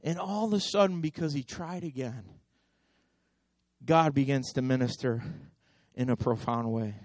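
A man preaching a sermon as pastor, impassioned and repetitive, swinging between loud exhortation and hushed intensity. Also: medium pitch, normal speed, no room sound, clean studio sound. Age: adult.

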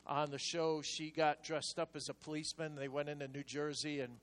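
An older man preaching a sermon, telling stories in a hushed voice and then rising into loud exhortation. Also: on the high side, fairly quick. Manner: animated storytelling, swinging from hushed asides to loud exhortation. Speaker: pastor. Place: church sanctuary. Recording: long reverb of a large hall.

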